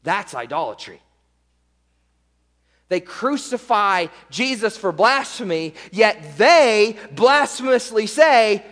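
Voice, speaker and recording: Pastor guy preaching verse by verse, high voice, keeps tossing in "right?", big echoey hall. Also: sing-song, slow, a bit bright. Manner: emphatic, rhetorical "right?" asides. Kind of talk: expository sermon.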